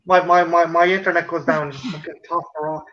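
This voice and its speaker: An Irish man hosting a casual group chat on a livestream, swearing freely and joking in quick banter. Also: a little high, level tone. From Ireland. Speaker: stream host. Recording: dull lo-fi stream audio.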